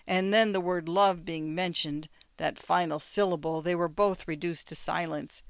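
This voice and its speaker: A woman's voice: on the low side, fairly even intonation, dry recording. Woman reading a novel aloud. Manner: measured, understated narration. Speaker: narrator.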